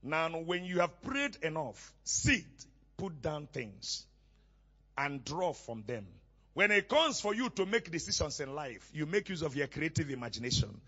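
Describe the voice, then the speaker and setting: A male pastor preaching a sermon, asking questions and having the congregation call back the missing words, often rising to shouts. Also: fairly high pitch, big pitch swings, measured pace, dull audio.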